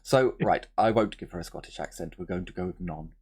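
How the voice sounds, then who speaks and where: A man's voice: low-pitched, fairly quick, a little mellow, husky. A man game master explaining rules and narrating a tabletop game in a chatty, joking way.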